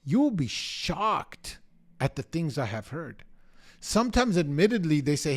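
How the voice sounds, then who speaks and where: A man's voice: fairly high pitch, sing-song, measured pace. A middle-aged man coaching real estate agents, talking to the camera in a punchy, emphatic way and acting out short bits of dialogue. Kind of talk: energetic coaching talk to the camera.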